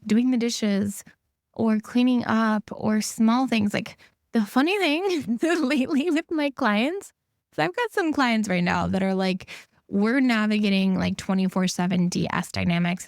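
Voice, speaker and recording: Woman, solo podcast host, intimacy coach, earnest, emphatic, repeats key points, medium pitch, dry close sound. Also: a little mellow, no echo.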